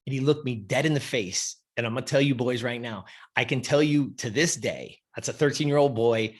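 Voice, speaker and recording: A man's voice: medium pitch, fairly quick. A man in his fifties, a podcast guest, telling a personal story in a casual, emphatic and profane way. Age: 50s.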